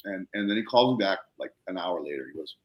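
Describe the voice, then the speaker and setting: A man hosting a podcast, telling a story in casual conversation, excitable and swearing casually, acting out quotes in a raised voice. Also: sits low, fast, echoey room, dull audio. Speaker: podcast host.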